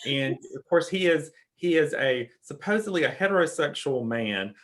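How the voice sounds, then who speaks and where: A man's voice: fairly high pitch, animated, normal speed, fairly bright tone. A man appearing as a guest author, talking casually and hesitating, often repeating words as he thinks. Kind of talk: casual chat.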